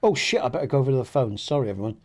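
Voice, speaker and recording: A man's voice: medium pitch, expressive, rapid-fire, darkish tone. A man with a Dorset accent from southwest England, chatting with live viewers during a game stream in a rambling, earnest way that often repeats and restarts words. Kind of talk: casual chat with live viewers.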